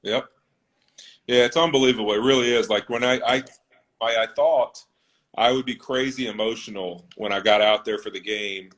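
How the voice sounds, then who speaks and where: A man's voice: medium pitch, normal speed, a bit bright. A man in his thirties, a football player being interviewed, talking in an earnest, reflective way about his own story. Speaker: NFL offensive lineman, guest. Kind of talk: conversational interview.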